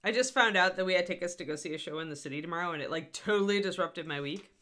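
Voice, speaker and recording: A woman's voice: lowish voice, very fast, a bit bright. A middle-aged woman hosting a live miniature painting tutorial, chatty and self-deprecating, talking through her steps with scattered asides. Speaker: host.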